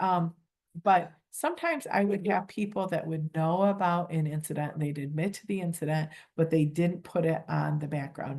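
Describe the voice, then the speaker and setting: Low-voiced woman giving a casual training talk. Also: darkish tone. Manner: humble, conversational, acts out phone calls. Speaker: volunteer coordinator.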